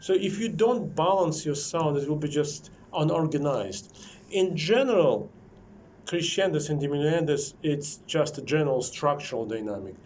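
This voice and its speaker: A man's voice: a little high, lively intonation, moderate pace, darkish tone, a little hiss or hum. A man teaching a private piano lesson, explaining shaping and balance in slightly non-native English while he plays and sings rhythms. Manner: corrective, explains while playing and singing rhythms.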